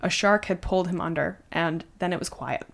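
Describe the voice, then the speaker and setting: Lower-voiced woman telling a story. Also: fairly quick, vocal fry. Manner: conversational, animated retelling with fillers. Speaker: podcast host. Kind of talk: casual storytelling.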